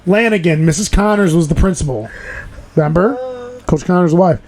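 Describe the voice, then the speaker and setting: A man with a fairly high voice, hosting a loose podcast chat. He tells stories in a rush of excitement and cusses freely, laughing along the way. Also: moderate pace. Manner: excitable, profane storytelling with laughs. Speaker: podcast host. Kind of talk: casual chat.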